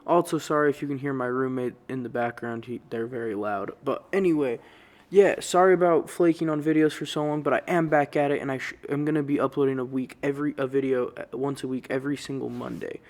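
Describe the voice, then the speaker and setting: A man's voice: mid-range voice, steady tone, fast, darkish tone. A man casually telling a story-time vlog in a rambling way, full of swearing and slang. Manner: rambling, profane, loose slang. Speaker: YouTuber.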